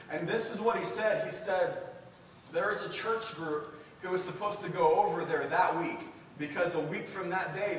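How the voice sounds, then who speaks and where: A man preaching a sermon and telling a mission story, speaking earnestly and building to excited emphasis as he addresses the church. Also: a little high, slight background noise. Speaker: preacher sharing a mission report. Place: church sanctuary. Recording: echoey hall, distant mic.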